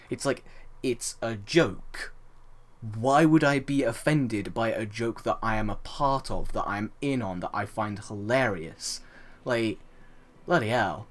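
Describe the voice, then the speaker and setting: A man's voice: fairly low pitch, unhurried. A young man hosting a let's play, ranting over gameplay with indignant rhetorical questions and the odd swear. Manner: frequent fillers and restarts, swears.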